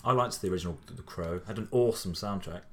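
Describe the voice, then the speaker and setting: A man with a very low voice co-hosts a casual chat show. He talks quickly and bluntly, tossing off dry, sweary remarks. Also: a bit bright. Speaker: podcast co-host.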